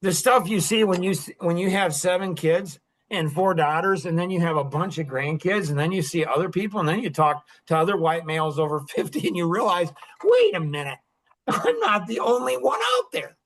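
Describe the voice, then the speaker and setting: A man in his sixties with a notably high-pitched voice talks through a casual monologue. He is emphatic and rambling and circles back on his own phrases. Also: expressive, normal speed, a bit bright. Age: 60s. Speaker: podcast host.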